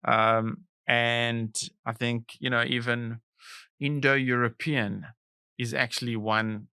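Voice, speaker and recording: A man's voice: medium pitch, little pitch movement, takes it slowly, pushed and bright, clean tone, dry recording, clean studio sound. A man with a South African accent co-hosting a comedy trivia podcast, playful and rambling with lots of fillers. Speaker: podcast co-host. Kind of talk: casual comedic chat.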